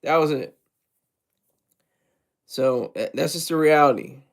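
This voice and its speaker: A man's voice: fairly high pitch, takes it slowly, vocal fry. A man hosting a casual livestream, rambling with many fillers and repeats, and asking viewers for tips. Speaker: livestream host.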